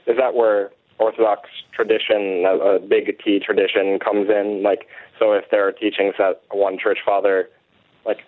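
A man calling in to a radio show with a casual, hesitant follow-up question. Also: lowish voice. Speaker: caller. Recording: phone line.

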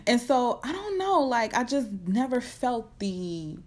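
A young woman hosting her podcast from home at night, chatting casually and excitedly with lots of fillers. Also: on the high side. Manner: chatty, animated, fast-talking with many fillers. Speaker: podcast host. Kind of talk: casual unscripted chat. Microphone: computer setup at home.

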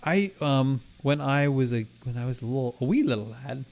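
A man co-hosting a podcast in casual conversation. He rambles through his stories, stopping and restarting often, and his voice moves through a wide, lively pitch range. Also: a little fast. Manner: rambling, self-interrupting storyteller. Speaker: podcast co-host. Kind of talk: casual chat.

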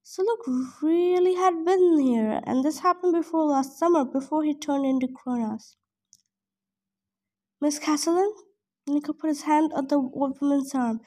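A woman reading a novel aloud in first person, steady, with the odd slip she corrects. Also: sits high, normal speed, few pauses. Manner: steady first-person narration with small slips. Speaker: audiobook reader.

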